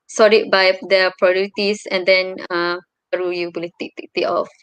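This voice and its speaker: A young Malaysian woman, a university student, chatting casually as an interview guest over a video call, often pausing to search for words. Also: lowish voice, level tone, fairly bright tone, smooth, dry recording. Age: young adult. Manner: hesitant, searching for words with many fillers. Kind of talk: casual chat.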